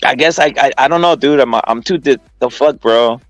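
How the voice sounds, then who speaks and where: A man's voice: mid-range voice, normal speed, no echo, faint music behind, rough recording. A man hosting a podcast, telling a story in a rambling, profane, casual way with lots of laughter. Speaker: podcast host.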